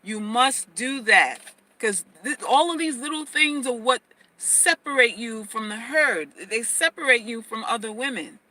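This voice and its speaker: A woman's voice: a little high, lively intonation, unhurried, pushed and bright, rough recording. A woman hosting a casual livestream advice talk, emphatic, often repeating phrases and restarting sentences. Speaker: host.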